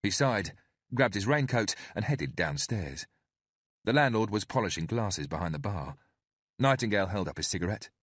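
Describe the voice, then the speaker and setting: In a clean studio recording with no room sound, a man with a fairly low voice narrates an audiobook. His scripted storytelling is measured and even.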